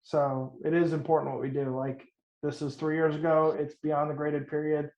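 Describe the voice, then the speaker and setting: A man's voice: a little high, level tone, moderate pace, a little mellow. A man, an insurance agent, telling an earnest story about a client in a casual team meeting on a video call. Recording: echoey dull call audio.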